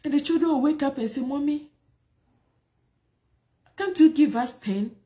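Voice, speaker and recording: Soft-voiced woman giving emotional testimony. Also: sits high, a little slow. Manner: emotional, repetitive, rhetorical questions. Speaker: prophetess sharing her life story. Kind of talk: personal testimony talk.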